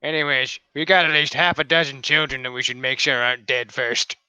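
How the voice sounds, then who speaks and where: A man's voice: medium pitch, fairly even intonation, a little fast, sharp tone, smooth, no room sound, low-quality recording. A man playing a tabletop game, speaking in character with blunt remarks. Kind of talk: in-character casual play.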